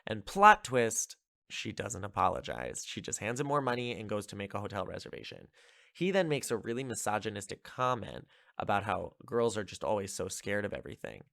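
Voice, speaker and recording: A man's voice: lowish voice, sing-song, fairly quick, gravelly, a bit bright, no echo, studio quality. A man hosting a podcast, casually recapping a film in a chatty, amused way with lots of filler words. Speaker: podcast host.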